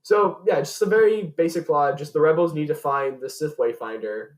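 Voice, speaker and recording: A man's voice: a little high, moderate pace. A young man hosting a casual podcast chat, rambling with lots of fillers and restarts. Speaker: podcast host. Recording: echoey room.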